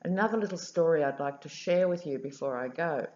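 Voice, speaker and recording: Low slow aussie woman, wry chatty tarot vlog, kinda dull lo-fi sound. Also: a little mellow, roomy sound. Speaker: tarot reader. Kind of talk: casual vlog storytelling. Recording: dull lo-fi audio.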